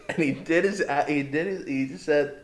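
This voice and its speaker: A man's voice: fairly high pitch, measured pace, echoey room. A man co-hosting a podcast, recapping a wrestling show in blunt, sarcastic casual chat. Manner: sarcastic, blunt storyteller, swears. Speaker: podcast co-host.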